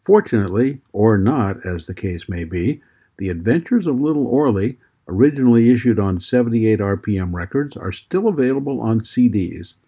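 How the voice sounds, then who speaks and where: A man introducing an old record with a husky, wry delivery. His pitch moves lively, and the sound is dull and lo-fi. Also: normal speed. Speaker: radio presenter.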